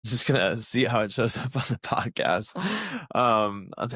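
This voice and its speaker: A man's voice: on the low side, moderate pace, fairly bright tone, no echo, studio quality. A man co-hosting a podcast, talking in an earnest, reflective way and laughing at himself. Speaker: podcast co-host. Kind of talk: casual podcast conversation.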